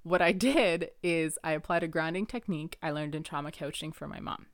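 Soft-spoken young woman, earnest and rambling. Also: low voice, brisk, no room sound, clean studio sound. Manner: earnest, rambling, laughs often, many "like" fillers. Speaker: podcast host. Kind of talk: personal reflective monologue.

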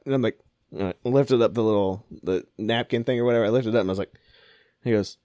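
A man's voice: medium pitch, fast, mellow, dry recording. A man casually telling a funny story, laughing often and acting out what people said. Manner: laughing storyteller, acts out quotes. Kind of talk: casual chat.

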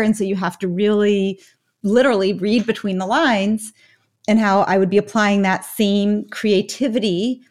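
A woman in her fifties, a guest author on an interview podcast, recounting her past in a reflective storytelling way with many casual asides. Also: mid-range voice. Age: 50s. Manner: reflective storyteller, frequent "you know" asides.

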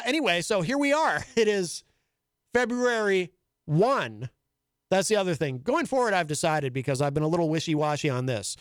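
Man, radio talk host, high voice, chatty and rambling, dry close studio sound. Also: clear, resonant tone, dry recording. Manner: chatty, rambling, self-amused. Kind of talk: casual monologue. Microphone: studio microphone.

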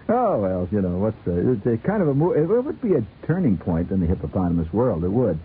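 Playful rambling radio host, man, low and lively, tinny phone-like sound. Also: normal speed, a little hiss or hum. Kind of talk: late-night radio chat.

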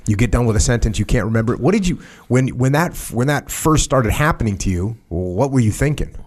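A man hosting a podcast, asking his guest open questions in a relaxed, conversational way. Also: medium pitch, fast. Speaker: podcast host. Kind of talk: casual interview.

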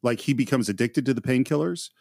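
A man hosting a casual film-discussion podcast, animated and often restarting his sentences. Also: mid-range voice, fast talker, vocal fry, no room sound, clean studio sound. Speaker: podcast host.

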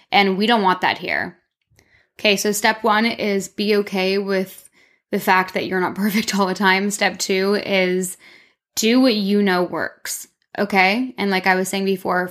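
A woman hosts a loose, unscripted solo podcast from her own room. She talks candidly and rambles, filling her speech with "like" as she gives herself a pep talk. Her voice sits at an ordinary middle pitch for a woman. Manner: candid, rambling, self-encouraging with many "like"s. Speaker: podcast host. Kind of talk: casual solo podcast monologue. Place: her own room, speaking toward a mirror.

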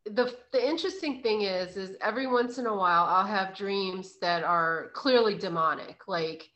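A woman's voice: medium pitch, normal speed, bright, forceful tone. A young woman hosting a podcast, chatting casually, laughing often and swearing now and then. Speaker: podcast host. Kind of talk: casual chat.

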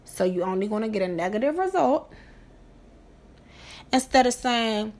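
A woman's voice: a little high, animated, normal speed, pauses often. A woman hosting a podcast in a casual monologue, profane and emphatic, repeating phrases for effect. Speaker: podcast host.

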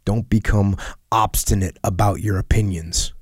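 Man, low voice, solemn letter reading, measured, earnest, dry close sound. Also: steady tone, slightly rough, no echo. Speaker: reader of a letter.

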